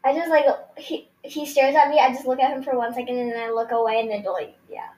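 A woman's voice: high-pitched, fairly even intonation, quick pace, warm tone, low-quality recording. A teenage girl who is a guest on her friend's podcast, teasing her friend and telling her own story with some hesitation. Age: teens. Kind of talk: casual chat.

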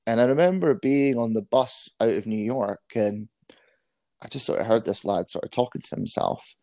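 A man's voice: fairly low pitch, moderate pace, warm tone, no room sound. A man in his thirties with a Scottish accent, a guest telling frank, self-deprecating stories in a casual interview. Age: 30s.

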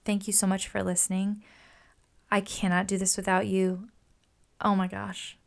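A woman's voice: mid-range voice, little pitch movement, normal speed, creaky. A woman hosting her own podcast in a casual solo monologue, gushing and upbeat, with lots of "like" and "oh my gosh.". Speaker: podcast host.

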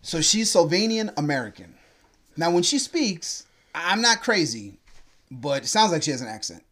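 A man co-hosting a casual podcast chat, animated and swearing freely. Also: on the high side, moderate pace. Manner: animated, swearing, laughs while talking. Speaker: podcast co-host.

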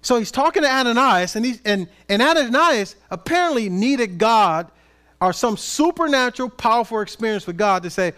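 A man preaching a sermon in an animated, conversational way with playful asides. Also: very high-pitched, moderate pace. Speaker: pastor.

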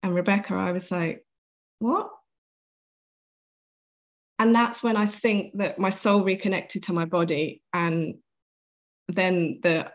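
A woman speaks as an interview guest in a somewhat low voice. She recounts her story earnestly and vividly, slipping into the voices of the people she quotes. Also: fairly even intonation, takes it slowly, long pauses.

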